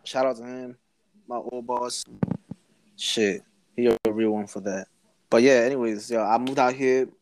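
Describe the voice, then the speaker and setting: A man's voice: medium pitch, steady tone, a little slow, long pauses, dry recording. A young man casually telling a story to a friend, full of slang and swearing, laughing as he goes. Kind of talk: casual chat.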